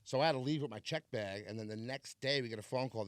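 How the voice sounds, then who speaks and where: A man hosting a podcast, telling a travel story in a casual, animated way and swearing freely. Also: medium pitch, fast talker, few pauses, smooth, dry recording. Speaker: podcast host. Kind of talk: casual chat.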